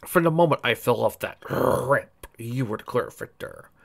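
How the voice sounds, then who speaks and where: A man voicing a calm, polished male stallion pony who speaks quietly and graciously. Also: mid-range voice, normal speed, creaky. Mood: gentle.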